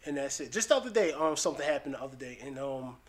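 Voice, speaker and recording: A man who is a father, a guest on a casual podcast, speaking in a relaxed, hesitant way with fillers. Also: mid-range voice, very fast. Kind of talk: casual chat.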